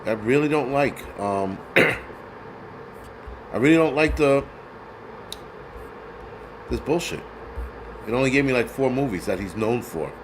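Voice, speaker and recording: A man's voice: mid-range voice, expressive, takes it slowly, long pauses, a little hiss or hum, rough recording. A man hosting casual film commentary who rambles, curses freely and searches for details aloud.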